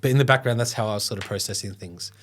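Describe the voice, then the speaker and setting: A man's voice: on the low side, rapid-fire, breathy edge. Emotional man telling his story. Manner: conversational, many fillers, chokes up at times. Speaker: guest, foundation founder.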